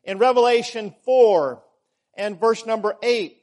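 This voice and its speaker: Slow, high-voiced male preacher. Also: a little mellow. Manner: measured, emphatic repetitions, rising on key words. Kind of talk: sermon.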